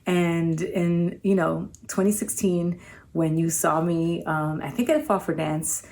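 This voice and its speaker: A woman giving a grateful spoken tribute, searching for words with frequent pauses. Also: fairly low pitch, darkish tone. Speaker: performer giving a video tribute. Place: home outdoors among trees.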